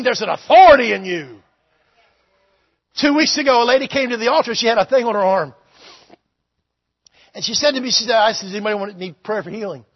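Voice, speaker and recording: A man preaching a revival sermon as pastor, shouting with fervor and repeating phrases. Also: very high voice, slightly rough, dry recording, muffled recording.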